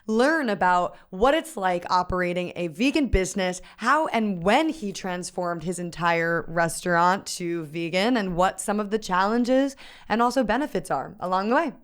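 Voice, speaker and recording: A woman's voice: on the low side, moderate pace, clear, resonant tone. A woman co-hosting a podcast in casual, upbeat, emphatic chat. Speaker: podcast co-host.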